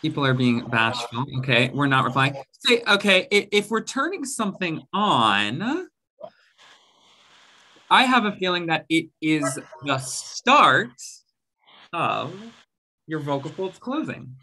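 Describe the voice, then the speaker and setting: Bright-toned chatty woman co-hosting a class. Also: low-pitched, sing-song, takes it slowly. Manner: chatty, laughs at herself, reads out the chat. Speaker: co-host of online class. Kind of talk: casual class chat.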